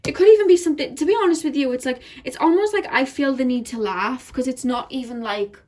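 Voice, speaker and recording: A woman's voice: high-pitched, a little fast. A woman giving a casual pick-a-card tarot reading, chatty and full of fillers, often breaking into laughter.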